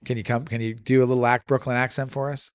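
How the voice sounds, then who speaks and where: A male podcast host asks chatty, friendly questions that often wander before he gets to the point. His voice sits at a middling pitch. The recording is dry and close. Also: flat delivery, fast talker, clean tone, dry recording. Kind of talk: casual interview.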